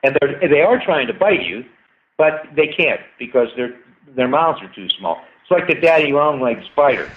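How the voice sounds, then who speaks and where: A man's voice: on the high side, expressive, moderate pace. Man explaining over a tinny line. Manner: enthusiastic, explaining at length. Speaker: guest scientist. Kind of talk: casual interview talk.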